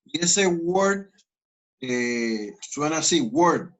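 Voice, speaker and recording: Man, Spanish accent, English teacher, online class, mixes languages, slow careful examples. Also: mid-range voice, fairly bright tone, rough recording. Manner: switches between languages, slow deliberate model sentences. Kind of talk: online class, explaining grammar.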